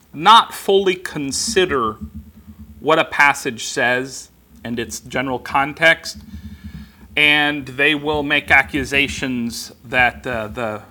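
A man teaches from scripture at a very unhurried pace and unpacks word meanings step by step. His voice has a bright, forward edge. He pauses often and fills the gaps with ums as he works through each point. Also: medium pitch. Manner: slow, deliberate explaining with frequent ums and restarts. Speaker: preacher. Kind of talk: expository Bible teaching.

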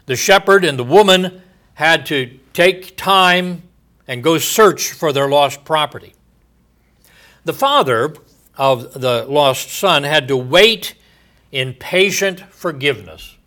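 Slow, bright-voiced man preaching. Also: fairly high pitch, expressive. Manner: slow, deliberate preaching that drops off softly at phrase ends. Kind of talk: sermon.

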